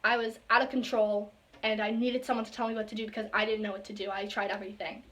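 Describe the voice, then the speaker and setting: A young woman telling a personal story in a casual vlog, full of fillers and quoted asides that often drop to a soft whisper. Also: mid-range voice, little pitch movement, fast talker. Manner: drops to soft whispers when quoting herself and others. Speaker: vlogger.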